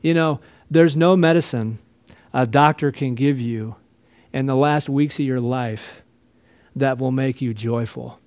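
A man's voice: medium pitch, measured pace, darkish tone, no echo. A male pastor giving an earnest, conversational sermon, often checking in with his listeners. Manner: earnest, conversational preaching with frequent "right?" asides.

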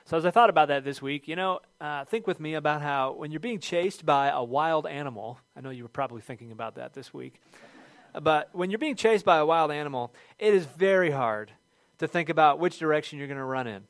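A middle-aged man preaching a sermon, telling a funny personal story with lively shouted quotes before returning to scripture. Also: fairly high pitch, a little fast, no echo. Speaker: pastor.

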